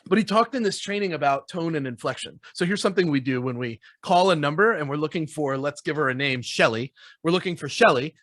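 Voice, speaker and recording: A man's voice: fairly high pitch, animated, fairly quick, fairly bright tone, dry recording, studio quality. A man who trains salespeople, talking in a casual interview and acting out phone calls, laughing often.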